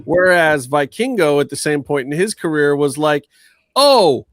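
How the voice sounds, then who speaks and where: Picture a man hosting a laid-back wrestling podcast, steering the talk between segments. His voice sits a little high for a man and sounds close and dry. He talks bluntly and swears freely, teasing his co-hosts as he goes. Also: normal speed, a bit bright, no echo. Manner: blunt, profane, teasing banter. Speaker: podcast host. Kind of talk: casual wrestling podcast chat.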